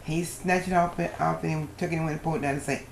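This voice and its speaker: An older woman telling a personal story as a guest, in a lively storytelling manner with a dialect grammar. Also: deep voice, fast talker, gravelly, roomy sound, slight background noise.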